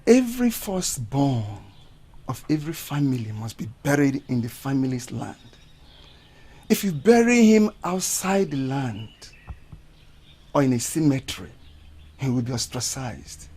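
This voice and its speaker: An actor with a Nigerian accent playing a firm middle-aged uncle who lectures on family tradition. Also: male voice, mid-range voice, very animated, a little slow, a little mellow, breathy edge.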